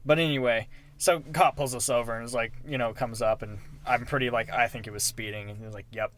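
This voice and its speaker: A young man guest in a casual chat, reacting with quick interjections and telling stories. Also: mid-range voice, fairly even intonation, a bit bright.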